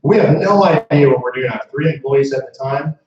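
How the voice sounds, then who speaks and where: This man's mid-range voice is a little fast and somewhat dark in tone, picked up at a distance by an echoey, muffled room mic. He's the founder of a movement telling a story to a live crowd, chatting casually and addressing them with asides.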